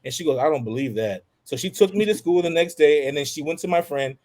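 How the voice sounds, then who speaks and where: A man telling a childhood story as a podcast guest, animated, acting out the voices of people in it. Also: a little high, fast. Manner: animated, acts out quoted voices. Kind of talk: casual storytelling.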